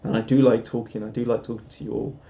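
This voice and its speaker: A man's voice: mid-range voice, level tone, fast, gravelly, warm tone. A young man hosts a live stream, chatting casually and reading out viewer comments in a rambling, self-deprecating way. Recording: roomy, slightly dull home stream audio.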